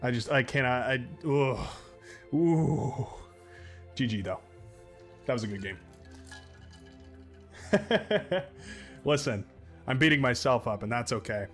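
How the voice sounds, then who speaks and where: A male streamer talks casually through a live match, picking apart his own play. His voice sits at an ordinary pitch, with faint music playing underneath. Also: expressive, slow pace, pauses often, fairly bright tone. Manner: self-critical, grumbling, chatty. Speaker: game streamer.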